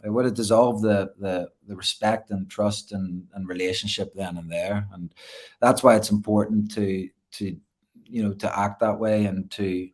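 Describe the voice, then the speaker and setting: A man's voice: lowish voice, fairly even intonation, moderate pace, darkish tone. A man, a gymnastics coach, talking earnestly as a guest in a casual interview, often repeating words as he restarts.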